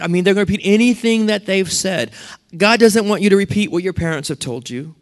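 A man preaches a sermon in a voice a bit higher than most men's. He tells stories with lively asides and acts out the lines of other people. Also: a little fast. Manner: storytelling with lively asides and acted-out quotes. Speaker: pastor.

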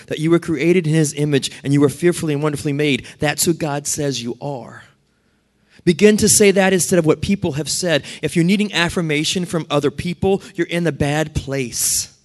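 A pastor preaching a sermon, telling stories in a lively way and acting out what other people said. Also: male voice, a little high. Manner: storytelling with lively asides and acted-out quotes.

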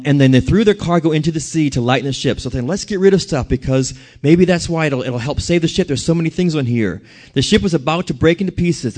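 A male preacher with a fairly high voice, animated and conversational, tossing questions and jokes to the congregation. He retells a story in plain, energetic sermon style from the church floor. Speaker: pastor.

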